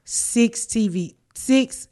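A woman's voice: a little high, extremely slow, mellow, slight background noise. Blunt, profane middle-aged woman storyteller. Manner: profane, blunt, laughs often. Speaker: podcast host. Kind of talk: casual storytelling chat.

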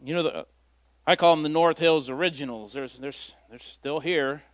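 A man's voice: on the high side, moderate pace, no room sound. A man, a lay preacher, giving an informal sermon in a folksy, storytelling way with self-deprecating humor. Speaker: lay preacher filling in at church.

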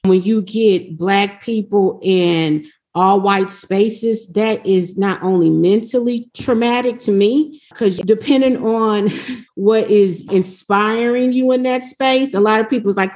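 A woman speaking on a panel in an emphatic, conversational way. Her voice sits at a middle pitch, and she repeats words to press her point. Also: slow, a little mellow. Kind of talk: panel discussion.

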